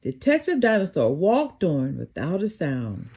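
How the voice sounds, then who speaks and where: An older woman reading a children's picture book aloud as a storyteller, with expressive, animated delivery. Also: lowish voice, unhurried, husky.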